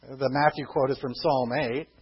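A man preaching a sermon, emphatic, slowing down for scripture quotes and dropping low for quiet asides. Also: fairly even intonation, husky, dull audio. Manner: emphatic, slows for quotations, drops to quiet asides. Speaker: pastor.

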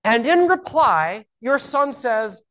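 A woman's voice: on the high side, very animated, slow, a bit bright. A woman teaching a Bible lesson, explaining scripture step by step and asking rhetorical questions.

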